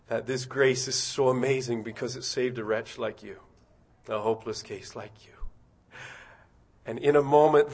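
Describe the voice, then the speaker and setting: A man preaching a sermon, asking his congregation direct questions and swelling into loud, impassioned passages. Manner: rising to loud, high-pitched impassioned preaching.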